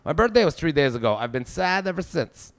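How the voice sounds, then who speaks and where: Gravelly Quebec French-accented male comic. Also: on the high side, very animated, fairly quick. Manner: profane, exasperated ranting. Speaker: stand-up comedian. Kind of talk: stand-up routine.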